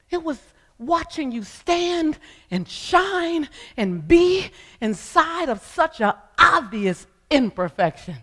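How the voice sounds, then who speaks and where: A middle-aged woman, a motivational speaker, addresses a live audience from the stage in a high, bright, forceful voice. She preaches with an emphatic, repetitive cadence, and the recording has a long hall reverb.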